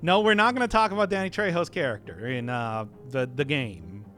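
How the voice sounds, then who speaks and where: A man's voice: on the high side, brisk, a bit bright, soft background music. A male streamer chatting casually and playfully with his audience, laughing often. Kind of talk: casual live-stream chat.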